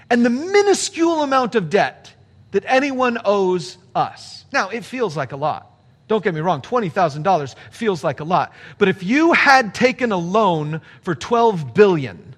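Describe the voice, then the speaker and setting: A pastor with a high voice preaches a sermon in a conversational, animated way, putting rhetorical questions to his congregation.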